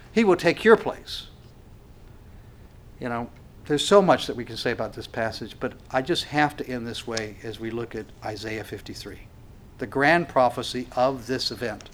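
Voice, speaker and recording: A man preaching a sermon with passion, swinging from quiet, drawn-out phrases to loud, stressed lines as he reads scripture aloud. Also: mid-range voice, slight background noise. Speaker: pastor.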